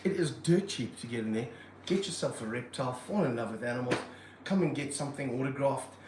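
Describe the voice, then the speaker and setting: A man running a casual livestream from his reptile room, excitable and jokey, full of slang. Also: mid-range voice, brisk, echoey room, background noise. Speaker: reptile park owner and streamer.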